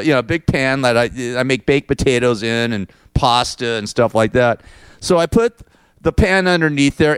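A man's voice: medium pitch, clear, resonant tone, no room sound, clean studio sound. A middle-aged man hosting his own show, venting in a rambling, crude, casual monologue full of restarts and "man". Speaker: podcast host.

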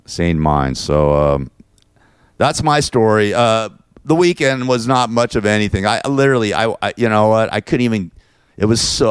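A man's voice: fairly low pitch, animated, normal speed, clean tone, no room sound, clean studio sound. A man hosting his own show, venting in a rambling, repetitive, frustrated monologue. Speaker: show host.

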